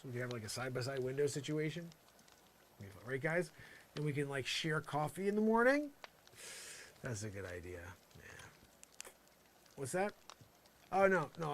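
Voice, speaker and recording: A man's voice: on the high side, fairly bright tone, slight background noise. A man doing an improvised comedic rant, rambling and sarcastic, swinging between exasperated outbursts and muttered asides. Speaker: comedian performing a character monologue.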